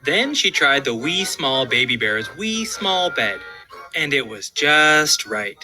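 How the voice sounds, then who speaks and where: A man narrating a children's story in a clear, measured storytelling voice. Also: medium pitch, sing-song, low-quality recording. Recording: studio narration with soft music behind.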